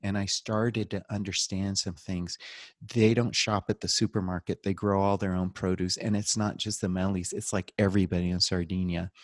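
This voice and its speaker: A man's voice: low-pitched, moderate pace, no echo, clean studio sound. A man telling stories as a guest on a podcast, joking and animatedly acting out quotes. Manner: animated storyteller, jokes and laughs, acts out quotes. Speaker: podcast guest, documentary filmmaker. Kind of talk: casual storytelling interview.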